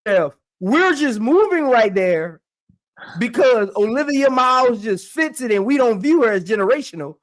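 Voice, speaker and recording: A woman co-hosting a casual sports debate, who argues her case with halting restarts and keeps repeating her point. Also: fairly high pitch, sing-song.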